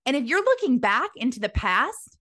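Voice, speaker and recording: A woman's voice: high-pitched, very animated, normal speed, a bit bright. A woman giving a motivational Christian sermon in an earnest, urgent, exhorting manner. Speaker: Christian speaker.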